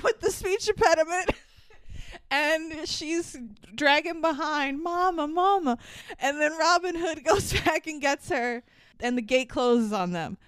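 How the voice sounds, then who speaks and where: A woman's voice: high voice, clear, resonant tone, dry recording. A woman co-hosting a podcast, casually recapping a movie, laughing often and swearing while acting out bits in quotes. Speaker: podcast co-host.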